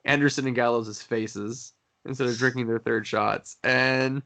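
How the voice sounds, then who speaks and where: A man co-hosting a casual wrestling chat, lively and acting out quotes. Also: mid-range voice, a little slow, creaky. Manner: lively recapper who acts out quotes. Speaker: podcast co-host.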